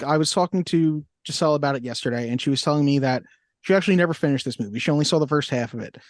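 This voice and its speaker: A man's voice: on the high side, darkish tone, no echo, studio quality. A man co-hosting a casual movie podcast, recapping a plot with fillers and frequent laughs. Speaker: podcast co-host.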